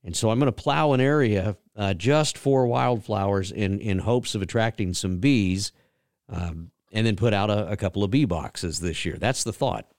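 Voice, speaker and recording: A man's voice: on the low side, moderate pace, a little mellow, no room sound, studio quality. A man from Georgia, hosting a talk show in a folksy, rambling, storytelling way. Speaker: radio show host. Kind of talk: casual chat.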